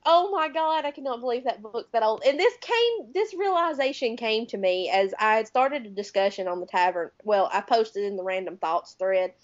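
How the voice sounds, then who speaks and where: A talkative Southern woman of about thirty co-hosts a book podcast. She chats casually at a fairly high pitch and runs on freely between thoughts. The audio is dull and lo-fi. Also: dry recording. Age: around 30. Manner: chatty, talks louder and faster when excited. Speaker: podcast co-host. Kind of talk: casual chat.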